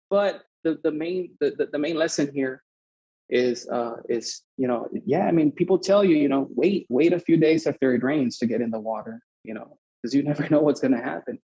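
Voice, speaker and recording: A young adult man from Mexico, a podcast guest telling a story in casual talk, animated and swearing as he acts out both sides of the conversation. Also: a little high, a little fast, breathy edge, dull audio.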